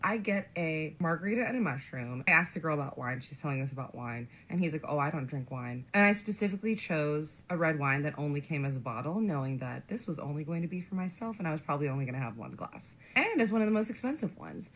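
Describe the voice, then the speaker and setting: A woman's voice: sits low, animated, quick pace, few pauses, a bit bright, rough recording. A woman in a played clip telling the story of a bad date, indignant and sassy, acting out both her own lines and his. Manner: indignant, sassy, acts out both sides of the dialogue.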